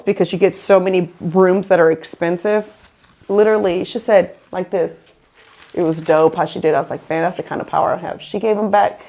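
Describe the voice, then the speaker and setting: Woman podcast host, casual storyteller who keeps slipping into voices. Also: mid-range voice. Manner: animated, acts out quoted people.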